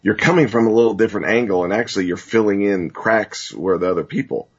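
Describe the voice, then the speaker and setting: Husky low-voiced male host. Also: quick pace. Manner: excitable, exclaiming. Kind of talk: talk show interview. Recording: muffled lo-fi audio.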